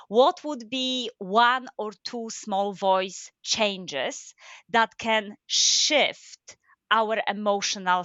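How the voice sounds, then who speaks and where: A woman's voice: mid-range voice, a bit bright, no room sound, dull audio. A woman hosting a podcast, affirming her guest and asking thoughtful follow-up questions. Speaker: podcast host. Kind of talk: interviewing a guest.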